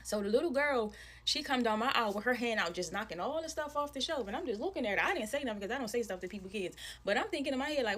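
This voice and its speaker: A woman telling a storytime to camera, animated and slangy, calling her viewers y'all. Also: a little high, fast. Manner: animated storytelling, acting out voices in quotes.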